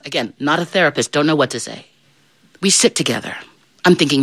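A woman storyteller telling a tale in first person as a fairy godmother, animated and playful with wide swoops of voice. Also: low voice, a little fast, long pauses, no echo.

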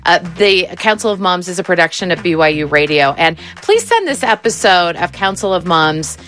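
A woman's voice: fairly low pitch, big pitch swings, moderate pace, fairly bright tone. A woman hosting a talk show, chatting with guests and closing the episode. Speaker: host. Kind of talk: casual chat and show wrap-up.

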